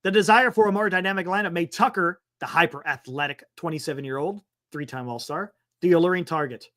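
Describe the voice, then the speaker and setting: A man hosting a sports talk livestream, reading an article aloud and breaking off for quick excited asides. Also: fairly high pitch. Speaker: sports talk show host. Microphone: streaming setup microphone.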